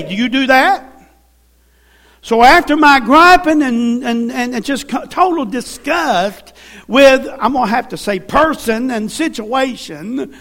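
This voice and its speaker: A man from the American South, his voice very high-pitched and a bit bright, preaches in a church with a Southern accent. His sermon mixes folksy stories with calls for amens in a call-and-response pattern.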